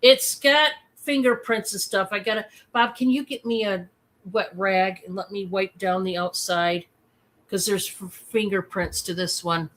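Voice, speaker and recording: A woman hosting a casual live-stream sale, chatty and excitable, with many fillers. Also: mid-range voice, a little slow.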